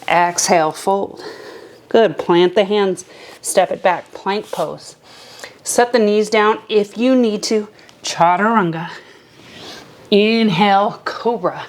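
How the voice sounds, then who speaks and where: A young adult woman teaching a beginner yoga class, calmly cueing each breath and movement step by step. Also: mid-range voice. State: a little out of breath at times. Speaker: yoga instructor. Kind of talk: guided yoga class instruction.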